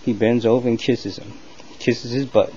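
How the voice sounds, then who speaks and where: A man spins a comic story in a loose, rambling monologue at a mid pitch. He talks casually and gets animated as he goes. The recording is dull and lo-fi, with faint hiss behind him. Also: moderate pace. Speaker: comedy vlogger.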